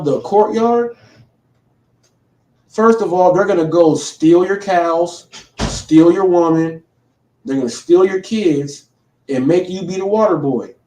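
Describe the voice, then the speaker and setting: A man's voice: high voice, warm tone, recorded from a distance. Man ranting in an echoey room. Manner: confrontational, calling out a rival directly; rambling with frequent restarts. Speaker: livestream show host. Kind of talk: heated livestream rant.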